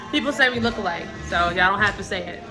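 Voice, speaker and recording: A woman's voice: medium pitch, expressive, quick pace, music in the background. A young woman vlogging casually from a family party, chatting playfully to her viewers with laughing asides. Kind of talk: casual vlog chat.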